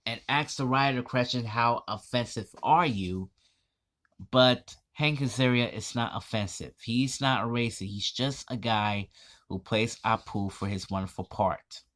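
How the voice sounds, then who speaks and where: A man vlogging an indignant commentary, reading text aloud in a halting, stumbling way. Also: medium pitch, a bit bright.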